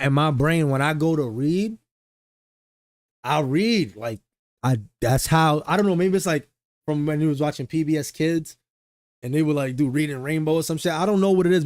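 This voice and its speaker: A man's voice: fairly high pitch, normal speed, dry recording. A young man, a streamer, chatting casually and rambling in slang to his viewers, often mocking himself. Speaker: streamer reacting to a video.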